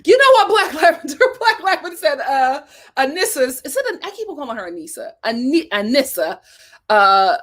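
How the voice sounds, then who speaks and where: A young woman with a high voice hosts a casual live stream reviewing a reality show. Chatty and animated, she reads viewer comments aloud, thanks people by name and laughs often.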